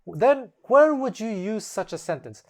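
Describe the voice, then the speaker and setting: This is a host giving a relaxed spoken lesson, walking through examples one at a time. The voice sits in a middle pitch. Now and then it slips into a different tone to act out a phrase. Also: measured pace. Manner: explains step by step and acts out example phrases in shifting tones. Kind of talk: casual explanatory lesson.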